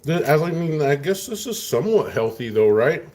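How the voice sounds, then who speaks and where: A man's voice: on the high side, sing-song, normal speed, a little mellow, a little hiss or hum. Laid-back West Texas man. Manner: laid-back, drawling, chats with viewers. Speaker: host. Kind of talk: casual chat while eating dinner.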